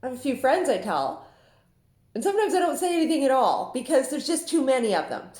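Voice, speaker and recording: A Facebook group admin from Saskatchewan, Canada, delivers a casual monologue in a chatty, confiding way, laughing frequently. Her high-pitched voice swings widely in pitch, brisk and a little mellow, in an echoey room.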